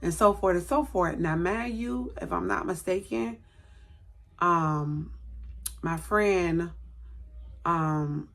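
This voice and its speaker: A woman's voice: fairly low pitch, slow, vocal fry, long pauses, fairly bright tone. A woman vlogger telling a personal story in a chatty, rambling way, often correcting herself. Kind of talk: casual storytelling to camera.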